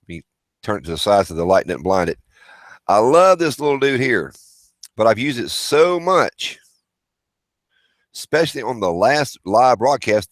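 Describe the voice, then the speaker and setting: A man's voice: fairly low pitch, no echo. A man hosting a casual livestream, rambling as he reads viewer chat and calls out names. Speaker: livestream host.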